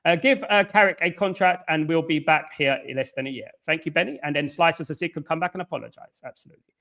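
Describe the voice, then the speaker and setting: A man chats live with his viewers in a voice that sits on the high side for a man. He rambles and loops back on the same stock phrases. He is blunt with critics, calls people mate, and his phrases fade away quietly at the end. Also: quick pace. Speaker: live-stream host. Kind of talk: casual live-stream chat answering viewers' comments.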